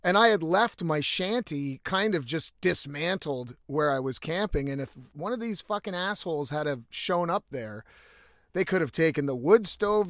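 A man's voice: fairly high pitch, fairly bright tone, no echo, clean studio sound. A young man telling a rambling, exasperated story in a casual monologue, swearing constantly. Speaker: vlogger.

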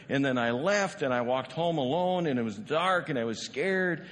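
A man's voice: fairly high pitch, animated, moderate pace, hardly any pauses, a bit bright, long reverb tail. A male pastor preaching a sermon in a conversational way, often asking the congregation rhetorical questions. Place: church sanctuary.

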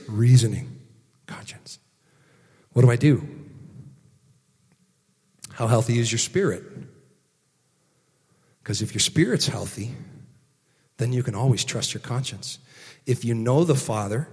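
A man in his forties preaching a sermon earnestly, moving from loud emphasis to hushed, quiet lines. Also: a little high, slightly rough, in a large hall. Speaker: pastor.

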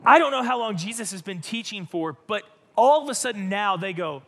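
A male pastor preaching a sermon in an animated, emphatic way, often repeating his phrases. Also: high-pitched, brisk, few pauses, in a large hall.

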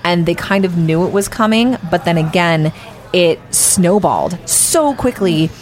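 A woman co-hosting a casual podcast chat, telling stories with lively acted-out quotes. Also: measured pace, soft background music. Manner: animated storyteller, acts out quotes with big pitch jumps. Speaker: podcast co-host. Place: restaurant table.

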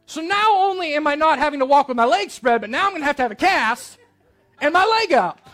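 A man preaches to his congregation, telling a story in a plain, earnest way. His voice sits high for a man. Soft instrumental music plays faintly underneath. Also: animated, a little fast. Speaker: pastor. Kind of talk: sermon.

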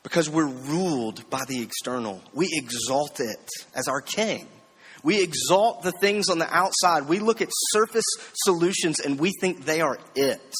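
A man's voice: fairly high pitch, animated, a little slow, a bit bright, long reverb tail, slight background noise. A man preaching a conversational sermon, often checking in with rhetorical questions and slipping in light self-deprecating jokes. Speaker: preacher teaching a series.

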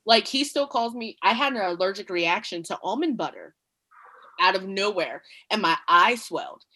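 A woman's voice: mid-range voice, normal speed. A woman co-hosting a podcast, telling stories in casual chat, acting out other people's voices and laughing often. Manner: lively storyteller, mimics voices, laughs often. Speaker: podcast co-host.

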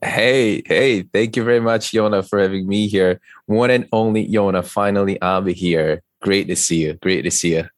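A man's voice: low voice, steady tone, moderate pace, hardly any pauses, dry recording. A man with a Korean accent, a native Korean speaker, talking earnestly and plainly as a podcast guest. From South Korea. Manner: earnest, plain-spoken, with repeated restarts. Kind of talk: conversational interview.

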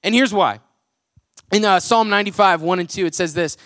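Young guy pastor, kinda high voice, super casual and jokey, dry close sound. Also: brisk, a bit bright, no echo. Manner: chatty, jokey, full of "like" fillers. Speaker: pastor and worship leader. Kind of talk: casual conversational sermon. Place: church auditorium with a congregation.

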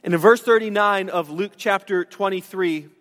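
A man's voice: sits high, normal speed, fairly bright tone, big-room sound. A man preaching a sermon to his congregation, earnest and conversational, with restarts and asides. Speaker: pastor. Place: church sanctuary.

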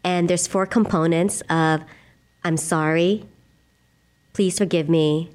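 Middle-aged woman, laughter yoga leader, talks gentle and earnest, voice sits a bit low. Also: steady tone, measured pace. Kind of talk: conversational interview, guided exercise.

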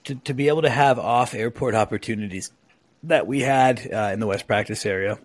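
Speaking at a middle pitch and a fairly quick clip, a podcast host from Oregon, USA, rambles conversationally with plenty of filler words. The recording is dry, made on his own mic during a remote call.

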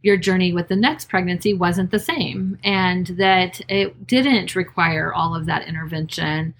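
A woman's voice: on the low side, steady tone, measured pace, slight background noise. A woman midwife co-hosting a podcast, reflecting supportively in casual chat.

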